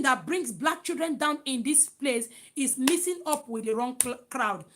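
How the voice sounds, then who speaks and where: A woman's voice: high-pitched, animated, normal speed, hardly any pauses, background noise. A woman with a Nigerian accent, a single mother talking to camera in a vlog, emphatic and preachy as she declares blessings. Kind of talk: casual talk to camera.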